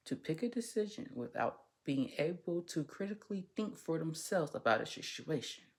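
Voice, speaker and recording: A woman hosting a casual commentary podcast, speaking as a social worker, candid and rambling, swearing freely and tripping over her words. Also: sits low. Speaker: podcast host.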